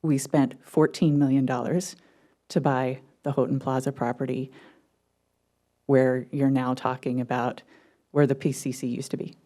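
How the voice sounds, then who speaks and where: Male public commenter, argumentative, cites numbers; warm, darker tone. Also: mid-range voice, flat delivery, moderate pace. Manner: argumentative, citing figures. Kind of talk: public comment at a city council meeting.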